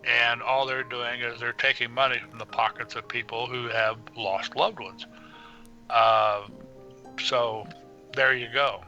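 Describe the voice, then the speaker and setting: Bright-voiced man on a livestream. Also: medium pitch, steady tone, measured pace, lo-fi sound, soft background music. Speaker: livestream co-host. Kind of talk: casual livestream chat.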